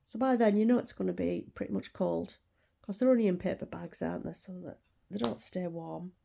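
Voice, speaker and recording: A woman's voice: fairly low pitch, animated, brisk, vocal fry, dark tone. A woman in her sixties telling a story as a casual rant, indignant and swearing freely. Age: 60s. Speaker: weight-loss vlogger.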